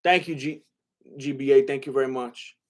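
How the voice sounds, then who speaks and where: A man's voice: mid-range voice, steady tone, moderate pace, darkish tone. A young man hosting a casual livestream and reading out chat, talking in a rambling, hesitant way with lots of fillers and restarts.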